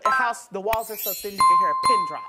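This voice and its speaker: A woman's voice: mid-range voice, expressive, fast, loud music behind the voice. A young woman, a guest on a talk show, giving an earnest, detailed and emphatic account of events. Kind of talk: personal testimony.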